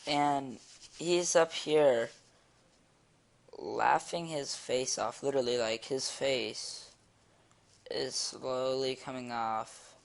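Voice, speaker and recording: A teenage boy telling a story in a casual vlog, rambling and excitable, with many fillers. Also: medium pitch, takes it slowly, creaky, long pauses. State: eating while talking. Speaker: vlogger. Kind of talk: casual storytelling while drawing.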